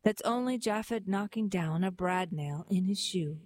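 A woman's voice: medium pitch, moderate pace, a little mellow, no echo, lightly acted. A woman voicing a selfish, grumbling young man in a poem, dismissive in tone.

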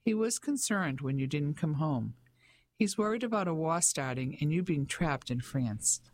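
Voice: medium pitch, lively intonation, normal speed, close to an everyday voice. An audiobook narrator voicing a young English soldier home on leave, earnest and critical toward his mother. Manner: critical, puzzled.

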